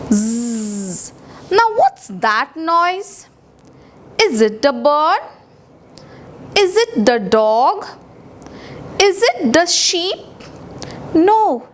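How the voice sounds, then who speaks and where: A woman with an Indian English accent teaching young children a recorded English lesson, speaking slowly and deliberately and spelling words out letter by letter. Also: sits high, slight background noise.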